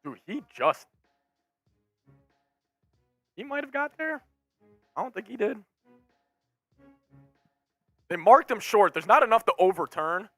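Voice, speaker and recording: A very high-voiced man yells and rambles through a live fan stream, calling plays as they happen. His voice is bright and cutting, close and dry, with music under it. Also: big pitch swings, normal speed, pauses often, no room sound. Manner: hyped, yelling, rambling play-by-play.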